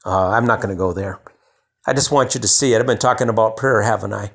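A man's voice: lowish voice, fast. A man preaching a sermon in a conversational way, restarting phrases and building to emphatic bursts.

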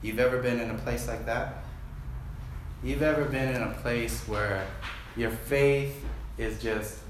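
A pastor with a mid-range voice preaches a casual, joking sermon at a measured pace with fairly even intonation, inviting the congregation to answer back. He's recorded in an echoey church hall with slight background noise.

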